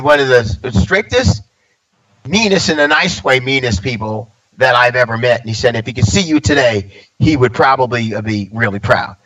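A man in his fifties, a stand-up comedian, tells a long personal story in relaxed conversation. He acts out other people's lines as he goes. His voice sits at an ordinary middle pitch for a man. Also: poor audio. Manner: animated storyteller acting out quoted dialogue.

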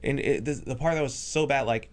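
A man's voice: mid-range voice, a little fast. A man, a stage hypnotist, telling stories in a rambling casual chat, full of fillers and acted-out quotes. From raised Catholic. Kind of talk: casual podcast chat, storytelling.

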